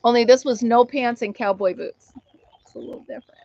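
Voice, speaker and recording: A woman's voice: fairly high pitch, a little fast, mellow, highs cut off. Giggly middle-aged woman hosting a live chat. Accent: American. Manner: giggly, laughs often while telling a story. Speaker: live stream host. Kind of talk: casual chat reading viewer comments.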